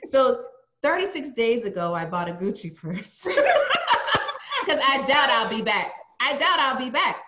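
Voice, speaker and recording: A woman's voice: high-pitched, wildly swooping pitch, unhurried, bright, forceful tone, slight background noise. Wry, joking woman in an echoey room. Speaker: podcast co-host. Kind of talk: casual chat.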